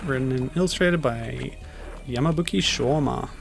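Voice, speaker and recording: Game music plays behind a man streaming a video game, who offers casual commentary and rambles off-topic while playing. He speaks at a normal speed in a gravelly, mid-range voice.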